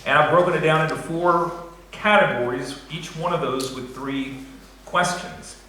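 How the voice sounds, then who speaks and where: A man's voice: a little high, bright, forceful tone. A man preaching a sermon as pastor, conversational and joking with the congregation, in a church sanctuary. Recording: echoey church hall, faint noise.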